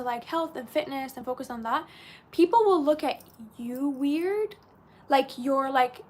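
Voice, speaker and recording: A high-pitched woman chatters her way through a casual live stream. She is bubbly and friendly, and her words tumble out fast as she answers viewer comments. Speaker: livestream host.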